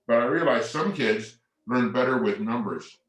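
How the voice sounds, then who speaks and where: A man presenting a family workshop, telling a story in a lively way, acting out quotes and leading the audience in movements. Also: mid-range voice, normal speed. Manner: animated storyteller who acts out quotes and leads the audience in movements. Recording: echoey room.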